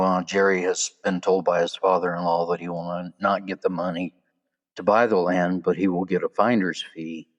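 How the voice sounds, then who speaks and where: A man with a low, deep voice hosts a solo podcast. He talks in a loose, chatty way, with casual asides along the way. The delivery sounds unscripted and conversational. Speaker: podcast host.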